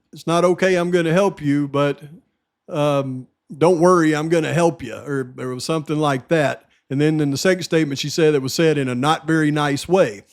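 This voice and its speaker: High-voiced man giving emphatic commentary. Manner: emphatic, repeats points, talks straight to viewers. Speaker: true-crime channel host. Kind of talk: casual case commentary.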